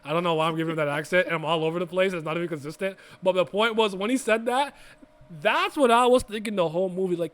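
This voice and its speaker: A young man co-hosts a casual podcast with a high, slightly bright voice, talking fast. He rambles through restarts and swears freely as he chats.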